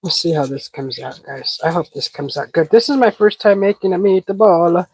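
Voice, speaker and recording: A woman with a lowish, darkish voice and a breathy edge talks at a moderate pace while hosting a casual live cooking stream. She sniffles through a stuffy head cold, chatting with viewers and reading their comments aloud as she cooks. The recording is low quality and dry, with no room sound.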